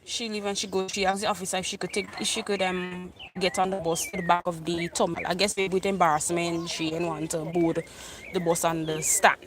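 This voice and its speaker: A woman with a Grenadian accent telling an animated storytime tale for her vlog, repeating herself in island dialect. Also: fairly low pitch, a little fast, noisy background. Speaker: vlogger.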